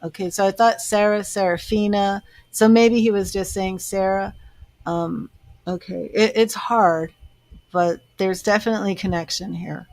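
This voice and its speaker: A woman psychic medium on a live stream, speaking slowly in a halting, searching way as she describes what she is shown. Her voice sits at a middle pitch, and the sound is dry and close with no room echo. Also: steady tone, a little mellow. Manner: halting, searching, trails off as she relays images.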